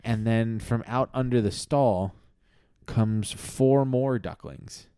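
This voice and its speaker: A man's voice: medium pitch, slow, dark tone, clear, resonant tone, no room sound, clean studio sound. A man from Pennsylvania co-hosting a podcast, telling an improvised comic story in a playful, rambling way. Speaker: podcast co-host.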